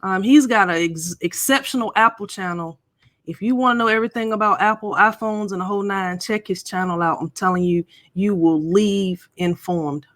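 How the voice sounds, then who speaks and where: A woman's voice: mid-range voice, normal speed, fairly bright tone, no room sound, studio quality. A middle-aged woman hosting a casual live stream, chatting and playfully teasing viewers.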